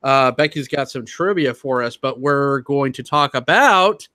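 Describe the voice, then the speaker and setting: A man's voice: medium pitch, animated, unhurried, bright, forceful tone, no echo. A man hosting a casual film podcast, easygoing as he steers the talk to the next segment. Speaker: podcast host.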